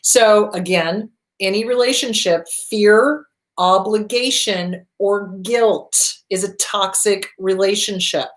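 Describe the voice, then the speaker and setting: A woman's voice: medium pitch, slow pace. A woman therapist hosting an advice talk, blunt and profane, hammering points home with emphatic repetition. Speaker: therapist and show host. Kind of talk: direct-to-camera advice talk.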